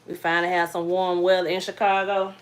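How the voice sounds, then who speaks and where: Chatty Georgia mom in echoey kitchen. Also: female voice, lowish voice, brisk. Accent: Southern US, Georgia. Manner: chatty, relaxed, drawling Southern speech. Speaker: vlogger and mother. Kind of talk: casual live-stream chat with viewers. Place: kitchen at home. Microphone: phone on a tripod. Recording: echoey kitchen, faint noise.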